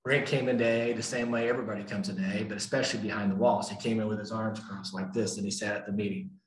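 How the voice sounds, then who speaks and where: An older man gives a recovery talk in a low, grounded voice, driving his points home and repeating the lines he wants to stick. His words ring through an echoey meeting room. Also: level tone, rapid-fire, slight background noise. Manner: emphatic, repeats key lines for effect. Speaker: AA speaker.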